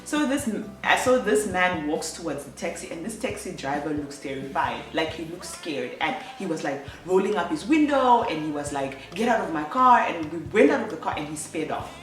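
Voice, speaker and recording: A woman's voice: low-pitched, lively intonation, moderate pace, few pauses, distant mic. A young woman telling a personal story on her vlog, chatty, with lots of fillers and self-corrections. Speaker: vlogger. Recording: echoey room, voice off-mic, faint music.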